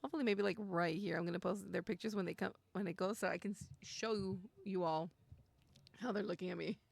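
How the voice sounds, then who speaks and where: A young woman streaming a story game, reading the lines aloud and reacting with emotional, gushing excitement and nervous laughter. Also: mid-range voice, fast, creaky, no echo. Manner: emotional, gushing and easily frightened, laughs often.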